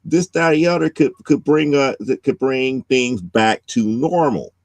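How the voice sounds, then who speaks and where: A man voicing an excitable woman comic heroine, rambling and breathless. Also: mid-range voice, normal speed, no room sound, voice pushed up, natural voice. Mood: anxious.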